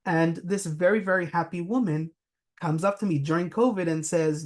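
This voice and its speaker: A man's voice: high-pitched, moderate pace. A man giving a business talk, telling anecdotes with frequent fillers. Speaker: presenter.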